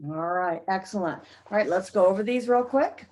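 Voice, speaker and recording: A woman's voice: mid-range voice, normal speed, darkish tone, low-quality recording. A woman teaching an English pronunciation lesson to a class, carefully modeling short sentences for learners to repeat.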